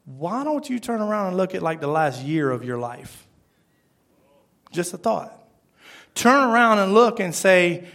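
A pastor with a lilt preaching in a high, lively voice. He acts out little dialogues as he goes and drops from loud bursts to near-whispers. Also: a little slow, creaky, pauses often. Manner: animated, acts out quoted lines, swings from loud to hushed. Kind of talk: sermon.

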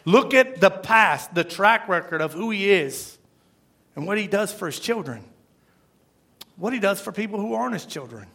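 A man's voice: high-pitched, lively intonation, moderate pace, gravelly, a bit bright. A man preaching a sermon, emphatic and repeating his phrases. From Florida. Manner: emphatic, repeats phrases, asks the crowd "right?". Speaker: pastor.

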